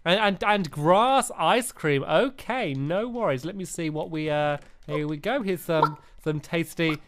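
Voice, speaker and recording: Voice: mid-range voice, a little slow, few pauses. A gaming host playing a game and acting a fussy ice cream shopkeeper in playful role-play. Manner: animated, laughing, playful shopkeeper bits.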